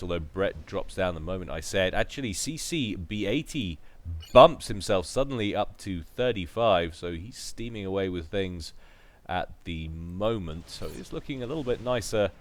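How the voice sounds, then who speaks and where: A man giving casual, chatty play-by-play commentary on a strategy game, with joking asides. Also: fairly low pitch. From United Kingdom.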